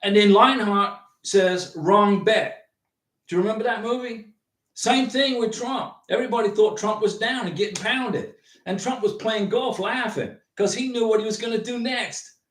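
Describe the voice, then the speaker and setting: High-voiced guy rambling through viewer comments, sits back from the mic. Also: distant mic. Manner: rambling, animated, with restarts and chuckles. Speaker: livestream host answering viewer comments. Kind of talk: casual livestream chat. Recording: roomy echo, from off the mic.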